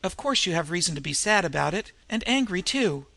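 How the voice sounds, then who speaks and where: A man voicing a kind young woman who reads a letter aloud gently. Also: high-pitched, animated, brisk, vocal fry, no room sound, heavily acted. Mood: reading.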